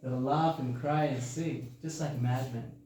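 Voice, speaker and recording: A man's voice: medium pitch, fairly even intonation, moderate pace, dark tone. Joking Australian man in an echoey hall. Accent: Australian, softened toward American. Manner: chatty, joking, laughs often, asks the audience questions. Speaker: temple speaker giving a scripture class. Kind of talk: informal sermon with jokes. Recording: very echoey hall, faint background hum.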